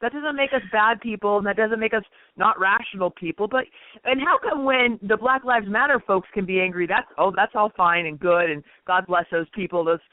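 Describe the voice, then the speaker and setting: A woman co-hosting a political talk radio show, speaking in an indignant, forceful way. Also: mid-range voice, fairly quick, no room sound. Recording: dry, phone-like radio sound.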